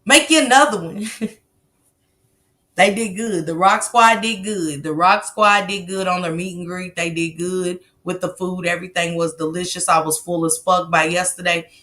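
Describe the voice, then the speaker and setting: A woman hosting a casual live stream, telling stories loudly and animatedly with slang and swearing. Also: on the low side, moderate pace.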